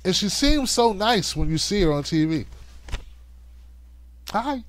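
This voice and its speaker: A man hosting a livestream of political commentary, talking in an animated, conversational way and cussing freely. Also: high-pitched, normal speed. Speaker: host.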